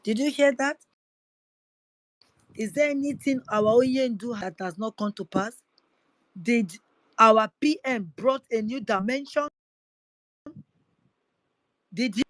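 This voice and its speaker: This livestream host's voice is on the high side, and the recording is dry and rough. She makes an impassioned activist address, pressing her listeners fervently and repeating herself.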